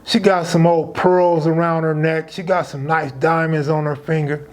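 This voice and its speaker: A man with a high-pitched voice recounting a true story from his past, talking loose and conversational with plenty of street slang. His delivery is relaxed and unscripted, like he's telling it to friends. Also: moderate pace.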